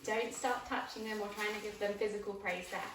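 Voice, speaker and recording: A woman's voice: medium pitch, steady tone, brisk, fairly bright tone. Woman training a puppy, echoey room. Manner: clear, practical instructions while playing with a puppy. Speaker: dog trainer. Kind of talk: instructional demonstration. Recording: echoey room, voice from a distance, background noise.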